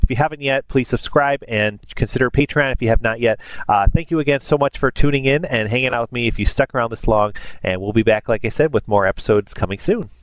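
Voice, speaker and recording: A man's voice: mid-range voice, fast, hardly any pauses, dry recording. A man hosting anime reactions in casual commentary, emotional and gushing, with many fillers. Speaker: anime reaction channel host.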